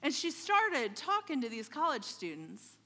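A woman preaches to her church, telling a story at an unhurried pace and often checking in with her listeners. Her voice sits fairly high and rings bright and forceful. A long reverb trails off the sanctuary walls. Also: big pitch swings. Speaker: pastor's wife preaching. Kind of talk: sermon.

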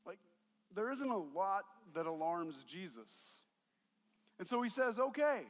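A man preaching with a high, light voice that carries a long reverb through a large hall. He talks casually and animatedly, slipping into the voices of the people in the story as he tells it. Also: very animated, slow, fairly bright tone. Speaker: pastor. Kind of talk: sermon.

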